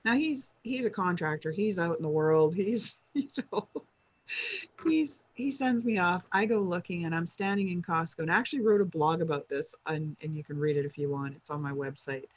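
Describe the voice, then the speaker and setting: A woman guest telling a story in a casual chat, animated and laughing, with bits of acted dialogue. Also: fairly low pitch, moderate pace, no room sound, highs cut off.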